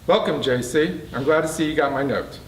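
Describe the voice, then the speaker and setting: A man's voice: a little high, fairly quick, a little hiss or hum, natural voice. A man reading the part of a mocking, scheming male prison boss with a smug, taunting manner. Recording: roomy, distant mic.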